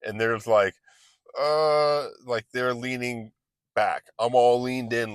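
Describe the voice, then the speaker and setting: A man's voice: medium pitch, fairly even intonation, slow, clear, resonant tone, no room sound. A man giving a casual motivational talk as an online business coach, chatty and loose, often restarting his sentences and acting out little exchanges.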